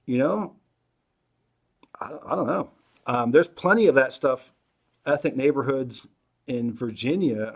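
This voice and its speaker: A middle-aged man hosting a casual livestream Q&A, answering viewer questions in a relaxed way, thinking aloud with many fillers and restarts. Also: medium pitch, gravelly. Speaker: host.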